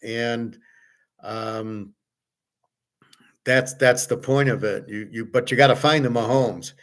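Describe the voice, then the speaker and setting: A middle-aged man talks in a loose, rambling way at a middle pitch. He is blunt and repeats himself, doubling words as he goes and swearing now and then. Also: fairly even intonation, slow, a bit bright. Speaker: host. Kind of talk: casual chat to viewers.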